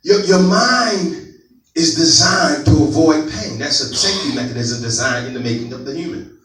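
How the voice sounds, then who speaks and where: A man preaching a sermon, building to emphatic, shouted passages with folksy asides. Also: on the high side, lively intonation, moderate pace. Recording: echoey hall, mic at a distance, soft music.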